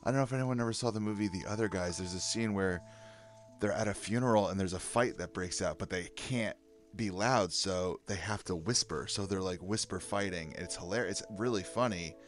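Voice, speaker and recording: With faint music behind him, a man with a low-pitched voice reads anger-management tips aloud a little fast in a casual vlog. He comments on each candidly, sighing and laughing as he reacts.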